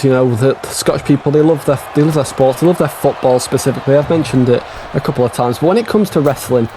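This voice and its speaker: A male color commentator chats loosely about a wrestling match. He swears and keeps saying "mate", and steady background noise runs under his voice. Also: mid-range voice. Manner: chatty, swearing, says "mate" a lot.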